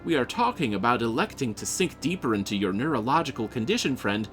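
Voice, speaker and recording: A man's voice: mid-range voice, big pitch swings, fast talker, a bit bright, faint music behind. A man voicing a cheerful, overly friendly male AI assistant program in a game. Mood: earnest. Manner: chirpy, overly friendly, calls the player friend.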